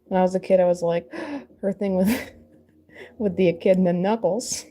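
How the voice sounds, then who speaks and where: A woman's voice: on the low side, steady tone, moderate pace, warm tone. A woman chatting casually while sculpting, rambling and laughing often, joking at her own expense. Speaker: crafter and mother.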